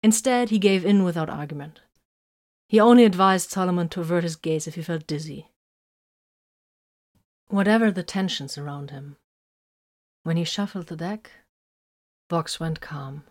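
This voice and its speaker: A woman narrating a story in a steady, measured reading. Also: fairly low pitch. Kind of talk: audiobook narration of fan fiction.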